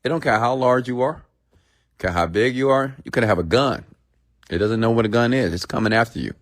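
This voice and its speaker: A man with a lowish voice hosts a live stream, ranting bluntly and preachily at his viewers. He keeps checking in with "okay?" and reads their comments aloud.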